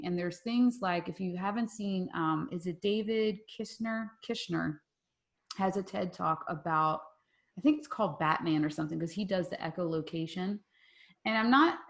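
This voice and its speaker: A woman in her forties hosting a group call, telling a personal story in a lively way and acting out the voices in her quotes. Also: mid-range voice. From Philadelphia area. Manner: animated, acts out voices in quotes. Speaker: mastermind group host.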